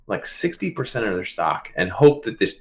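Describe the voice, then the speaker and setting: A man co-hosting a podcast, his slightly low voice swinging widely in pitch as he jokes around. He keeps the chat casual and playful and fires off questions. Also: sing-song, moderate pace, a bit bright. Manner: playful, jokey, asks lots of questions. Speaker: podcast co-host.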